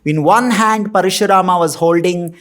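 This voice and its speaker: A man's voice: sits high, normal speed, fairly bright tone. A man giving a scriptural discourse. He tells the story with animation, chanting Sanskrit verses and then explaining them. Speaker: monk and scripture teacher.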